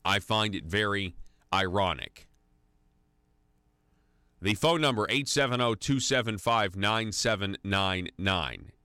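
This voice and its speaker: A man's voice: lowish voice, takes it slowly, long pauses, pushed and bright, clean tone, no room sound, clean studio sound. Indignant, sarcastic male talk radio host. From United States. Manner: indignant, sarcastic, many restarts. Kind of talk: conservative talk radio monologue.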